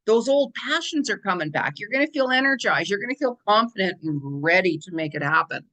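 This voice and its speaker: A woman's voice: medium pitch, lively intonation, brisk, bright, forceful tone. Chatty woman giving a spiritual forecast. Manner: chatty, rambling, emphatic repetition. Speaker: spiritual guidance channel host. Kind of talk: casual spiritual forecast monologue.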